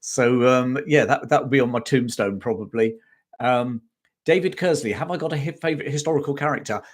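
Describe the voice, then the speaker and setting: A man's voice: mid-range voice, a little fast. Chatty man hosting a live history stream. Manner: chatty, with many ums and restarts. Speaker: host of a live history chat. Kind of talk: casual live-stream chat reading viewer comments.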